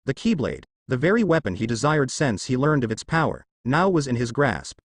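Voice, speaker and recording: Lively male storyteller reading fan fiction. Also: mid-range voice, normal speed, husky. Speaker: narrator.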